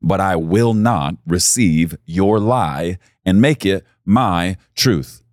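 Slow, deep-voiced preaching man. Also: darkish tone, dry recording, studio quality. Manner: intimate, earnest preaching that swells to emphatic peaks. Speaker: pastor. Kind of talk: sermon.

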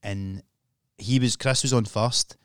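A man's voice: on the low side, fairly even intonation, takes it slowly, fairly bright tone, smooth, no echo, clean studio sound. A male comedian telling a gig story on a podcast, casual and swearing.

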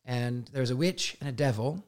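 Guy psychic spinning stories on a podcast, mid pitch, laughs a lot, plays out the dialogue. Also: a little fast. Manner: animated, laughing storyteller who acts out dialogue. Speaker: guest psychic. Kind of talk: casual storytelling in a podcast interview.

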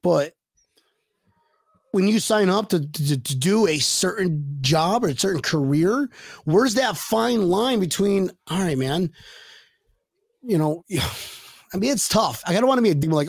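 A man's voice: high voice, animated, a little slow, pauses often, slightly rough, dry recording, studio quality. A man co-hosting a casual sports podcast, rambling and joking, often repeating words as he starts his thoughts. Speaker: podcast co-host.

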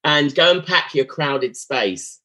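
A man's voice: on the high side, animated, slow, bright, forceful tone. A man from England, hosting a podcast interview in a playful, quizzing way with frequent laughter. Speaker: podcast host. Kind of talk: casual interview chat.

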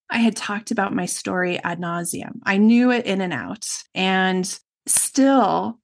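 Middle-aged woman, interview guest, earnest and reflective, talks in long stretches. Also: lowish voice. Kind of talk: personal storytelling interview.

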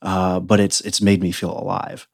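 A man's voice: low voice, flat delivery, moderate pace, gravelly, a little mellow, no room sound, studio quality. A man in his thirties from the United States, a podcast guest telling his story in an earnest, reflective way. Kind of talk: casual interview conversation.

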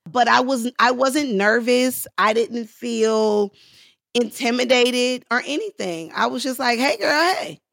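Woman, middle-aged, high voice, gravelly, animated storyteller, dry close sound. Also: measured pace, dry recording. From Los Angeles. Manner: animated, acts out voices in her stories. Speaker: guest actress. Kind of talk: storytelling interview.

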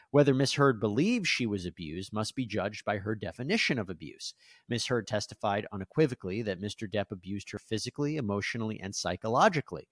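A man's voice: fairly low pitch, fairly bright tone, no echo. A man hosting a legal news show, explaining court filings and reading quotes from them aloud.

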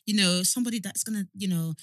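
A woman's voice: medium pitch, fast talker, fairly bright tone, no room sound, studio quality. A woman co-hosting a podcast, chatting casually with lots of laughs and slang. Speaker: podcast co-host. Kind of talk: casual chat.

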